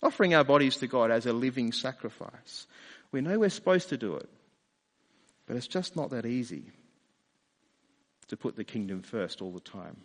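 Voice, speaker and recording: A man's voice: mid-range voice, sing-song, moderate pace, pauses often, long reverb tail. A man preaching a sermon in a conversational way, often asking rhetorical questions. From Australia. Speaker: pastor.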